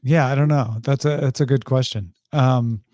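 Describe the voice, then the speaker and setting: A man's voice: medium pitch, fairly even intonation, normal speed, dark tone, no room sound, clean studio sound. A man co-hosting a podcast, chatting casually and animatedly about a TV episode. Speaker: podcast co-host.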